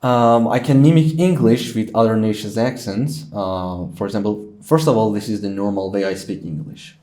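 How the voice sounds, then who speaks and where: A man's voice: fairly low pitch, moderate pace, mellow. A young man from Iran, a guest in a casual interview, talking playfully with frequent hesitations. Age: young adult. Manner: playful, hesitant, lots of fillers.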